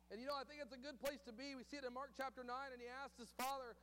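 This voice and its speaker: A man's voice: extremely high pitch, fairly even intonation, fast, pushed and bright. A man preaching a sermon with earnest, repetitive emphasis in a church hall. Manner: earnest preaching, repeating phrases, reads scripture and quotes aloud. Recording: long hall reverb, faint hum.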